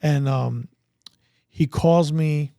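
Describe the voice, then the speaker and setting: A man, telling stories in an animated, casual way and acting out dialogue. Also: a little high, extremely slow, gravelly, smooth, no echo, clean studio sound. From Brooklyn, New York. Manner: animated, acts out dialogue, many likes. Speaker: guest, veteran. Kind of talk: casual storytelling.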